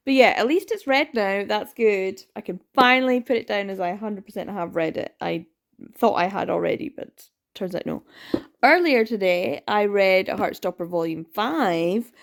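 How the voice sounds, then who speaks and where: A woman's voice: mid-range voice, a little slow. A woman chatting casually in a reading vlog, rambling with many ums and laughs, sounding tired. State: tired, yawning. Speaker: book vlogger.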